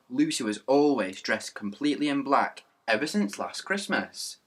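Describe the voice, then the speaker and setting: A man reading a children's book aloud with lively narration and character voices. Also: medium pitch, moderate pace, few pauses. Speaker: reader.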